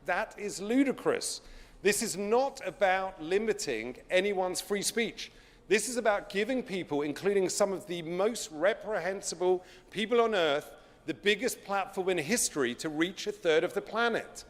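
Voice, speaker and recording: A man delivering a formal prepared speech, deliberate and emphatic, with dramatic pauses. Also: sits high, animated, long reverb tail. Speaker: speaker.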